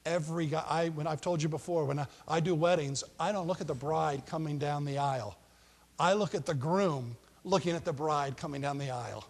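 Joking pastor preaching in a hall. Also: male voice, on the high side, brisk. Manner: conversational, joking storyteller acting out quotes. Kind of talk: sermon.

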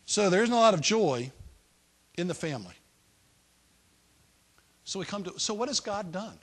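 A male preacher delivers a sermon in a relaxed, conversational style. He is playful, with joking asides, and his voice sits a little high for a man. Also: moderate pace.

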